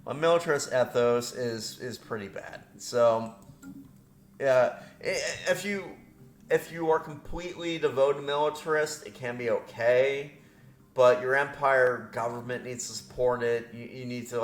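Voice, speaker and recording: Casual male game commentator, rambling and self-deprecating, roomy echo. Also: medium pitch. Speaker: game channel host. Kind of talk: gameplay commentary. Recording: roomy echo with faint music.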